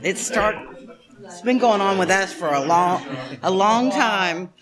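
A woman's voice: medium pitch, measured pace, a loud crowd. Chatty middle-aged woman speaking to a room. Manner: chatty and self-deprecating, calls the room "y'all". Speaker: guest speaker at a recovery meeting. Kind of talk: heartfelt personal share to an audience. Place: meeting room with an audience.

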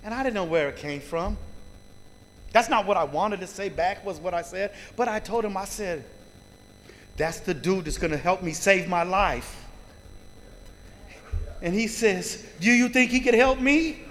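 High-voiced man telling his recovery story. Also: a little slow, long pauses, fairly bright tone, long reverb tail. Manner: heartfelt, swearing, addresses the crowd as "you guys". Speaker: recovery meeting speaker. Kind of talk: personal recovery story told to a live group.

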